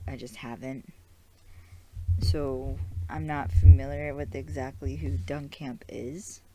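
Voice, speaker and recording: A young woman hosts a podcast in a casual, rambling recap style. Her voice sits low and sounds mellow. She chats loosely, filling her talk with "like"s and restarts. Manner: chatty, rambling, with frequent "like" and restarts. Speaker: podcast host.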